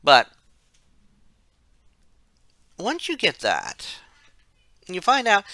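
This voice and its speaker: A man's voice: high-pitched, huge pitch swings, extremely slow, pauses often, sharp tone, no room sound. A man narrating a casual game retrospective, rambling, correcting himself and dropping wry asides. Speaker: game reviewer.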